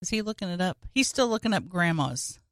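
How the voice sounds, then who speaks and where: A woman's voice: lowish voice, animated, fairly quick, no echo, clean studio sound. A woman co-hosting a podcast, chatting casually with wry, laughing asides. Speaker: podcast co-host. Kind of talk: casual chat.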